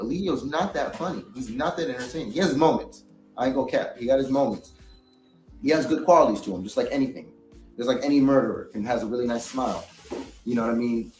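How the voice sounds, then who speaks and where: A man's voice: mid-range voice, expressive, fairly quick, darkish tone, reverberant, soft background music, low-quality recording. A man in a heated, rambling, profane casual monologue into a studio microphone. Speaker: reaction commentator.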